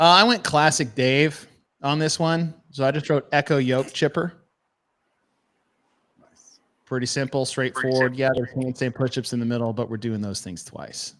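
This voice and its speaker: A man hosting a casual podcast chat, animated and quick to laugh and swear. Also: medium pitch. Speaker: podcast host.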